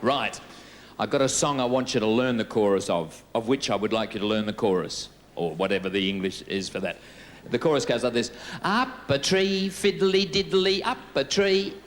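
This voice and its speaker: A man's voice: lowish voice, fairly quick, a little hiss or hum. A man entertaining a live theatre audience, chatty and jokey, coaxing them into joining a song. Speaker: stage entertainer. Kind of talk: live variety show crowd patter. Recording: echoey stage with band and roaring crowd.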